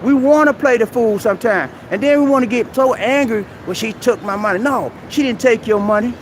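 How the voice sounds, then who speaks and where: Outside a busy shopping mall, a man with a strikingly high voice runs a live stream, delivering a motivational advice rant a little fast. He preaches and exhorts, repeatedly calling viewers "man," while faint street and traffic noise hums behind him.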